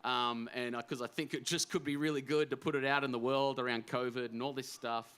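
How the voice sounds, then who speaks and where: Animated man telling a story. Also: mid-range voice, brisk, clean tone. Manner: animated, emphatic storytelling with many fillers and restarts. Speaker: author guest at a writers festival. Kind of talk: on-stage storytelling interview. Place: festival stage.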